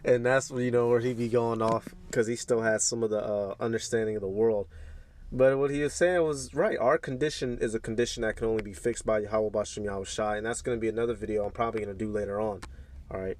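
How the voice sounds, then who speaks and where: A man's voice: lowish voice, steady tone, fast, darkish tone, slight background noise. A man hosting a casual reaction commentary, laid-back and slangy, often chuckling as he talks. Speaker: host.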